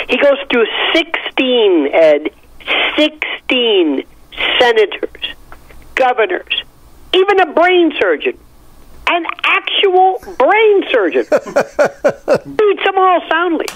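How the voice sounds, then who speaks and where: Male media analyst, lively swinging pitch, wry and emphatic, dull dry sound. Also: slow pace, pauses often, dry recording. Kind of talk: opinionated commentary, animated storytelling.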